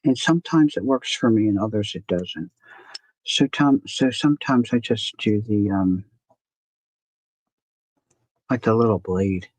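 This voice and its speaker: A woman's voice: rumbling low, a little slow, pauses often, a little mellow, no room sound. A woman hosting a casual art journaling livestream, chatting to herself and greeting viewers by name as she works. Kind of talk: casual chat while crafting on a livestream.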